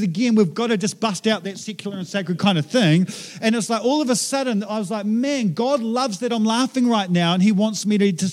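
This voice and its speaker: A man's voice: high voice, a little mellow. A man, preaching a casual, conversational sermon with frequent fillers and restarts. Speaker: pastor.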